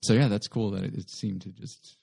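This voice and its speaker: Guy guesting on a chat, animated storyteller, talks in fast bursts. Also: fairly low pitch, creaky. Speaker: guest comedian and singer-songwriter. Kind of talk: casual chat.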